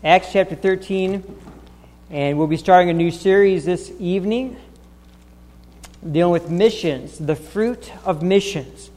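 A man preaching a sermon as pastor, talking haltingly with many restarts and fillers and pressing his points home with insistence. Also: high-pitched, darkish tone, long reverb tail. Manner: grows emphatic and insistent. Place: church sanctuary.

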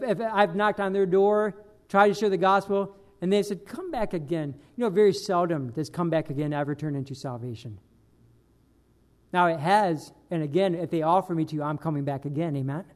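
Male pastor, high-pitched, emphatic sermon delivery with loud peaks and hushed asides. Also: normal speed. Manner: emphatic preaching with sudden loud bursts and dropped quiet lines.

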